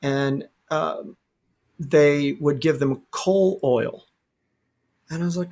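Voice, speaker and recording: A man with a slightly raised, gravelly voice hosts a casual podcast. He tells stories with lively energy, swears freely, and breaks into laughter often. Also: a little high, slow, long pauses. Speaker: podcast host. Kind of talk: casual chat.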